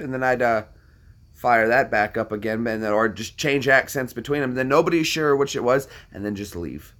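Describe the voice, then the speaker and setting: A man's voice: mid-range voice, normal speed, fairly bright tone. A man hosting a casual chat, talking to his viewers in a rambling way full of anecdotes and repetitions. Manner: rambling, anecdotal, repeats himself.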